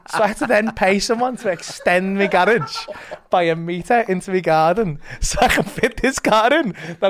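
A man's voice: sits high, normal speed. Sweary man telling a story. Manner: sweary, animated storytelling, frequent laughter. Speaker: stand-up comedian guest. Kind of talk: casual anecdote with quoted voices.

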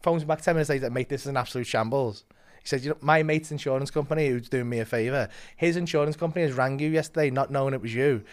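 A man's voice: mid-range voice, fast talker, few pauses, smooth. A man, a stand-up comedian, telling a sweary anecdote in casual chat and acting out other people's lines. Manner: sweary, animated storytelling, frequent laughter. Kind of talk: casual anecdote with quoted voices.

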